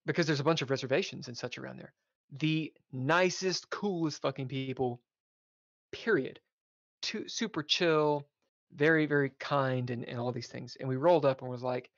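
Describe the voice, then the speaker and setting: A man's voice: mid-range voice, normal speed, no room sound. A man, a podcast guest, telling a casual road-trip story with swearing and laughter. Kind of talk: casual chat. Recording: dull lo-fi audio.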